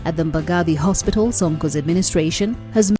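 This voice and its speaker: A woman narrating a news report in a scripted, even delivery. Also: lowish voice, fairly quick, over music.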